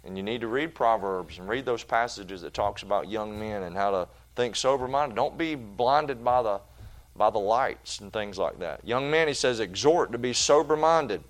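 A man preaching a sermon in a church, folksy and animated, with homespun asides. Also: lowish voice, moderate pace.

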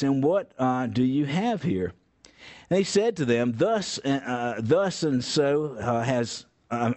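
A man's voice: mid-range voice, a little mellow. A man teaching a Bible study, reading passages aloud and then explaining them in a conversational way, with frequent fillers and restarts. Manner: conversational, many fillers and restarts, folksy asides.

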